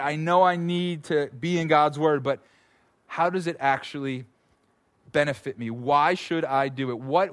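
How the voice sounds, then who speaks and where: Animated, chatty male pastor. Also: fairly high pitch. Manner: conversational, animated, repeats words. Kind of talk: sermon.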